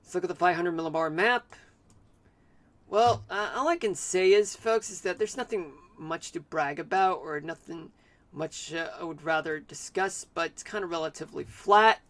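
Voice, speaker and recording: High-voiced man giving a halting weather report. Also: fairly bright tone. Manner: halting, full of fillers and restarts. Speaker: streamer. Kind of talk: amateur weather forecast.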